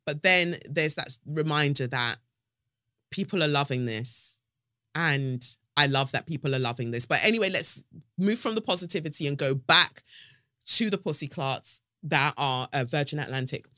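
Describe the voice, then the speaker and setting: A woman hosting a podcast, telling a story in an animated, dramatic way and swearing freely. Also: deep voice, moderate pace, no room sound, clean studio sound. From United Kingdom. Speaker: podcast host. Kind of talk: casual podcast monologue.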